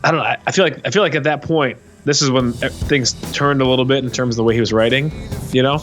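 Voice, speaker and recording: A man hosts a relaxed music podcast, talking eagerly and circling back on himself with frequent restarts. His voice sits at an ordinary middle pitch, with faint music playing behind him. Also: fast talker. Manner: rambling and enthusiastic, many restarts. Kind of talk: casual discussion of music.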